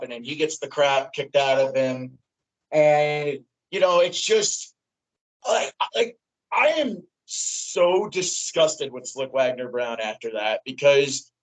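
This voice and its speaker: A man guest excitedly retelling what he saw live, his voice jumping high when he quotes himself. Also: a little slow, low-quality recording. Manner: animated, voice jumps high when quoting himself. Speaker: wrestling fan guest. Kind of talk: excited recounting in casual chat.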